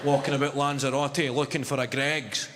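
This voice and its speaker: A man's voice: medium pitch, level tone, moderate pace. A Glaswegian man doing a stand-up comedy set, telling stories with punchy delivery and mimicked voices. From Scotland. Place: comedy venue stage. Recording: reverberant venue with loud audience noise.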